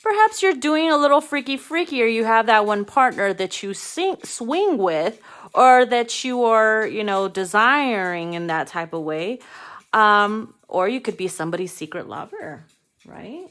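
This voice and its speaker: A woman's voice: a little high, lively intonation, a bit bright. Frank, playful woman reading tarot cards. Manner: frank, playful, swears freely, calls viewers darling; slows down to read card text aloud. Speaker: tarot card reader. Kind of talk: casual card reading.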